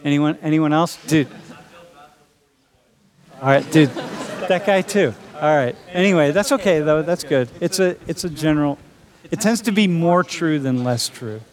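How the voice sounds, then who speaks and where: A man's voice: a little high, moderate pace. A man teaching a college class, talking in a joking, casual way and calling students dude and bro. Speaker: college instructor. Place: lecture classroom.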